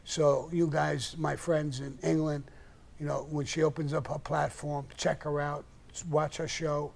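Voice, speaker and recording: An older man with a gravelly, somewhat high voice speaks unhurriedly in a level tone. Hosting a live stream and answering questions, he tells blunt, profane stories in a casual way.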